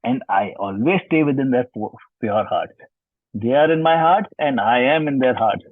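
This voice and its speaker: A man's voice: mid-range voice, no room sound. A man telling scripture stories in an online lesson, explaining, repeating and rephrasing as he goes, on a video call. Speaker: scripture teacher. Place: online session from home. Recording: tinny video-call line.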